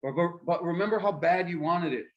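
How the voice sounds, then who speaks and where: A man teaching young students about debate in a lively way, asking them questions and acting out examples. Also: high-pitched, a little fast, dull audio. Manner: lively, asks the class questions and acts out examples. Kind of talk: explaining debate skills to children.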